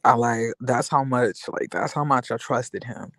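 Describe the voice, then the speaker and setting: A man's voice: medium pitch, measured pace, fairly bright tone, dry recording. Rambling young man venting. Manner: rambling, filler-heavy, candid. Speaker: vlogger. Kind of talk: casual venting monologue.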